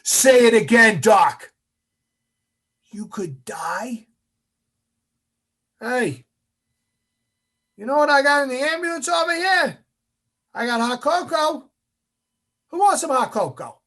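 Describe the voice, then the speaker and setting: A man acting out a loud, mocking male Navy drill instructor who shouts orders and taunts. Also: very high-pitched, animated, takes it slowly, long pauses, pitched above the performer's own voice, exaggerated voice. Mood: taunting.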